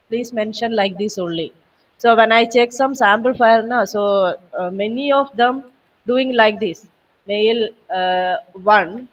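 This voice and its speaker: A woman walks trainees through a program step by step on a video call. Her voice sits a little high and patient, pausing on fillers as she repeats the steps. The sound comes from a distant laptop mic. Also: muffled recording. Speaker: software trainer. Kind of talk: online training session walkthrough.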